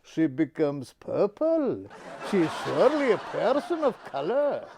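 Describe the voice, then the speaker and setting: A man's voice: a little high, huge pitch swings, unhurried, gravelly, background noise, full character voice. A man playing a cheeky comic guest of Pakistani roots, speaking in a put-on Scottish accent over Indian English and calling people "laddie". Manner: drawling, uses "laddie" and "wee".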